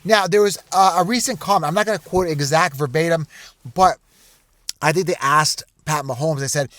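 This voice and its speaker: A man hosting a sports channel, talking straight to camera in an animated, conspiratorial rant full of repeated asides. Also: a little high, normal speed, dry recording. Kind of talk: casual direct-to-camera rant.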